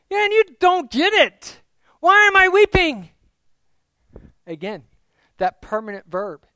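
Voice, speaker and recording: A man's voice: high voice, vocal fry, dry recording, studio quality, heavily acted. A male preacher voicing a distraught grieving woman at an empty tomb, crying out in impassioned lament. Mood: exasperated. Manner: impassioned, near-shouting lament.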